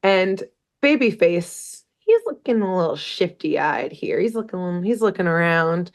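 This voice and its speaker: Unhurried and low-voiced, with lively intonation, a woman retells a cartoon episode on the podcast she co-hosts. She's a chatty, rambling storyteller who keeps laughing, joking and going off on asides.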